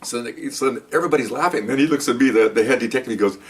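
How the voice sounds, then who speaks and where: Fast-talking older retired cop. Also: male voice, medium pitch, distant mic. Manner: chatty and rambling, with frequent restarts. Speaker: retired police officer telling stories. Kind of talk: casual spoken anecdote.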